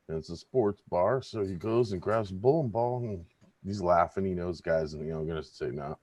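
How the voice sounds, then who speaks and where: A tired, laid-back man telling a rambling bar joke on a casual podcast. His pitch swings widely as he plays each character, and his voice sits fairly low. The recording is dry and close. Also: lively intonation, normal speed, a little mellow, no room sound. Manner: laid-back storyteller, voices characters in jokes, laughs often. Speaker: podcast guest.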